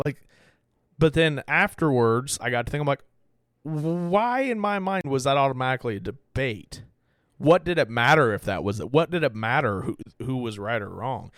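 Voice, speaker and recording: A man's voice: mid-range voice, a bit bright, no room sound, studio quality. Candid rambling male podcast host. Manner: candid, rambling, swears freely. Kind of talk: casual self-reflective talk.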